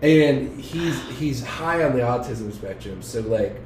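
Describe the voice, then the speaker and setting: A man's voice: mid-range voice, animated, slow pace, background noise. A man from New England chatting as a podcast guest, rambling and cracking crude jokes with frequent laughs. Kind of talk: casual podcast chat. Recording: roomy, distant mic, faint ambience.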